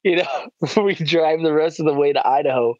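A male podcast co-host telling a story in a casual chat, excitable and animated, with lots of "like" and "dude". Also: fairly high pitch, normal speed, dry recording, highs cut off.

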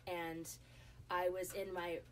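There's a little hiss or hum behind this middle-aged woman's low, slow voice as she guests on a talk show. She tells her story in a lively, casual fashion, with lots of fillers and restarts.

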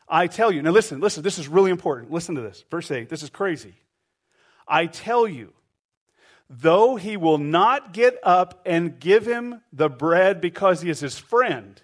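Man, middle-aged, pastor, sermon, animated, acts out voices, somewhat high pitch. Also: normal speed.

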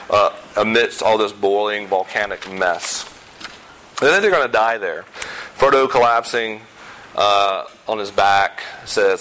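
A pastor preaching a sermon in a conversational way, with self-deprecating humor and emphatic repetition of key points. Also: male voice, lowish voice, bright, forceful tone, slight background noise, rough recording. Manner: emphatic, repeats key phrases.

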